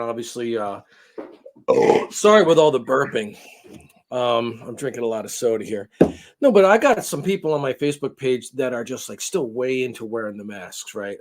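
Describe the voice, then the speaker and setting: A man co-hosting a casual podcast, rambling and hesitant, with many restarts. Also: medium pitch. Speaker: podcast co-host. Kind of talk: casual chat.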